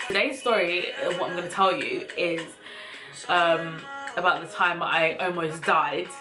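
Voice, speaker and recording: A young woman vlogger casually telling a personal story to camera in a chatty, animated way, with slang. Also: fairly low pitch, unhurried, music in the background, low-quality recording.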